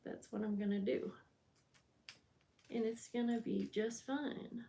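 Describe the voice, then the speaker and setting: A woman's voice: on the high side, fairly even intonation, slow pace, vocal fry, mellow. A woman hosting a live bookbinding stream, chatting casually and greeting viewers by name while she works, often thinking aloud and losing track of her steps. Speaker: bookbinding crafter hosting a livestream. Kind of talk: casual chat while working on a craft.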